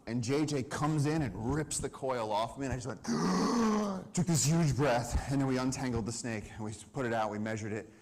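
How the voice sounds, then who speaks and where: A man giving a storytelling talk about wildlife on a summit stage to a live audience, animated and acting out the people he quotes. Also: medium pitch, a little fast, hardly any pauses. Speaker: conservation speaker.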